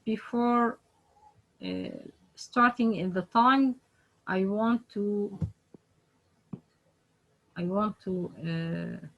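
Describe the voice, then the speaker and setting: Slow halting woman teaching letter sounds, lots of uh's. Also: medium pitch, fairly bright tone, muffled recording. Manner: hesitant, many fillers, repeats example words. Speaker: Quran tajweed teacher. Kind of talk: online pronunciation lesson.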